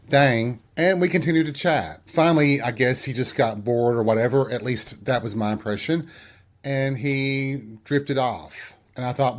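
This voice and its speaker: A middle-aged man hosting his own show, telling a candid personal story in a self-deprecating, conversational way. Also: mid-range voice. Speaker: podcast host.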